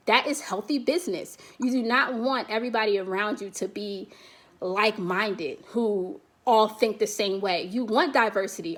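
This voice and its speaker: Emphatic American woman on a video call. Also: medium pitch. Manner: emphatic, rallying, repeats "we have to". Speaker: guest speaker on a virtual summit. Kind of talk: motivational talk, then answering questions.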